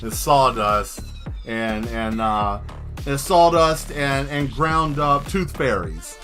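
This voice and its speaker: Bright-voiced man ranting on a stream. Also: medium pitch, expressive, slow, soft background music. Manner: joking, rambling, breaks into laughter. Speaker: livestreaming artist. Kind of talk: casual livestream rant.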